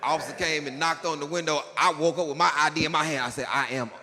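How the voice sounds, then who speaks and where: A male stand-up comedian telling stories in a jail, animated and jumping up into excited shouts. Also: a little high, fast, crowd noise. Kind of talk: stand-up storytelling. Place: jail, large hard room. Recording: long hall reverb, faint noise.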